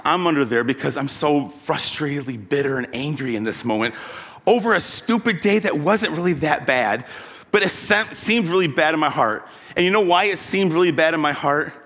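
A pastor delivering a conversational sermon, telling personal stories and putting questions to the congregation. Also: male voice, fairly high pitch, big pitch swings, a little fast, fairly bright tone, long reverb tail.

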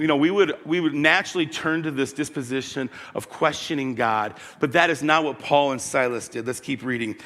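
A man preaching a sermon, telling the story with animated energy that builds to loud peaks. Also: mid-range voice, a little fast, few pauses. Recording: long hall reverb.

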